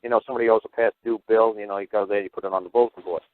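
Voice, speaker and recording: A man hosting a call-in show, telling stories at a rapid clip with blunt, salty language. His voice comes through dry and narrow, like a phone line. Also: on the low side, fairly even intonation, no room sound. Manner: blunt, profane, rapid storytelling. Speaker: host. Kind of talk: casual storytelling on a call-in show. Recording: tinny phone-line audio.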